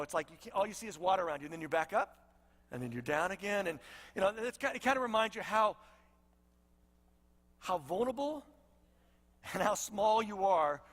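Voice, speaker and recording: A pastor preaching in a relaxed, chatty storytelling style, his voice high and bright. It carries with a long reverb through a large church hall. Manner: conversational, storytelling, animated asides. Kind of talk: sermon.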